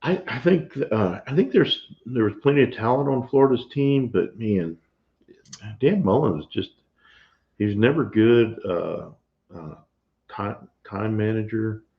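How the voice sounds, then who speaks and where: Husband co-hosting a live stream; gravelly, playful, muffled lo-fi audio. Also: male voice, lowish voice, lively intonation, measured pace. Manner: chatty, laughs often, playful teasing. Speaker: co-host of a homestead live stream. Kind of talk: casual chat.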